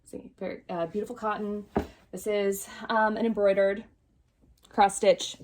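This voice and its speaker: A woman's voice: medium pitch, little pitch movement, unhurried, a little mellow, slight background noise. A chatty woman hosts a casual vlog indoors in a vintage clothing storeroom. She rambles, corrects herself and laughs easily. She is filmed on a phone that someone else holds. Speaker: vintage shop host showing items. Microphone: phone held by a helper.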